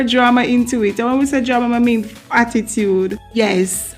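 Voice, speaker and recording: A Jamaican woman vlogger giving a casual language lesson, repeating phrases slowly and playfully for learners. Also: fairly high pitch, soft background music. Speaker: vlogger teaching Patois.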